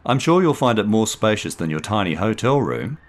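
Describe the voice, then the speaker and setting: A swaggering male lawyer, eager and charming, as a narrator plays him. The deep voice lifts keenly and moves with a lively lilt. He sounds like a character in a storybook reading. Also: fairly quick.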